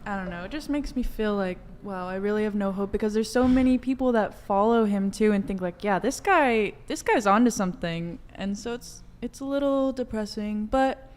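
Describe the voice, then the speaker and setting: A woman's voice: medium pitch, brisk, hardly any pauses, dark tone. A woman panel guest talking in an exasperated, pleading way. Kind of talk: casual chat.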